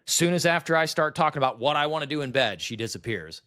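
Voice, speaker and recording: Fast and sharp-toned, with a fairly high pitch and lively intonation, a vlogger in his thirties rants to camera. He is exasperated and bitter, cursing and circling back over the same points.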